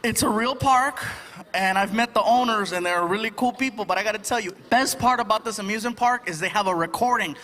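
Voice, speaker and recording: Animated high-voiced male stand-up comic. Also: fairly quick. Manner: animated storytelling, acts out voices. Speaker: stand-up comedian. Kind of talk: stand-up comedy routine. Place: comedy stage before a live audience. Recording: live stage audio with audience noise.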